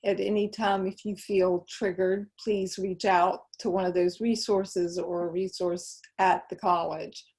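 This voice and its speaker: Mellow-voiced middle-aged woman speaker. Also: on the low side, level tone, unhurried, hardly any pauses, breathy edge. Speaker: guest speaker. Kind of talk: online presentation. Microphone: video call.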